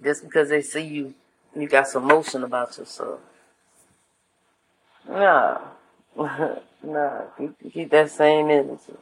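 A woman's voice: low-pitched, fairly even intonation, takes it slowly, creaky, pauses often, husky, rough recording. A woman talking in a laid-back, slangy casual monologue, giving life advice to her viewers. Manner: laid-back and slangy, acts out voices in anecdotes.

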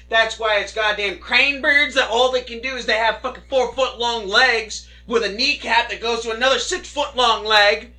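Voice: medium pitch, sharp tone. A podcast co-host arguing stubbornly for absurd claims and ranting with frequent swearing. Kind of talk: comedic argument.

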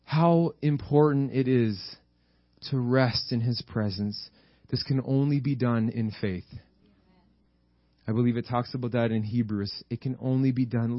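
A man's voice: medium pitch, unhurried, dry recording, lo-fi sound. A man preaching a sermon with fervent, repetitive emphasis, often calling out to the congregation for an "Amen.".

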